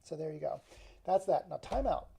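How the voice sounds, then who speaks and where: A man's voice: a little high, lively intonation, normal speed, gravelly, mellow, a little hiss or hum. A man talking casually to the camera in a rambling, self-deprecating way. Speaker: vlogger.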